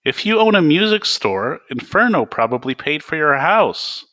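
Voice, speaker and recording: A man voicing a cocky young pop star, bright and brash. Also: fairly high pitch, sing-song, moderate pace, pitched above the performer's own voice. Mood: boastful. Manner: smug, breezy, self-assured. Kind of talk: reading a novel aloud.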